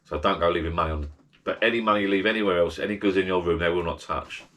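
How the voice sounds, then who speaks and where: A man's voice: deep voice, rapid-fire, a bit bright. A man giving rambling, chatty holiday advice as a travel vlogger, full of restarts and asides. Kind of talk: casual holiday advice chat.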